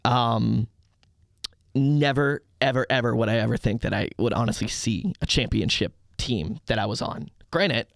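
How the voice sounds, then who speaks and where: A young man chatting on a podcast at an ordinary pitch, recorded close and dry. He tells stories with rising excitement and now and then shouts out crowd chants. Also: vocal fry, no echo. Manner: excitable storyteller, acts out crowd hype in loud bursts. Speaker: podcast guest, arena host. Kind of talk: casual podcast chat.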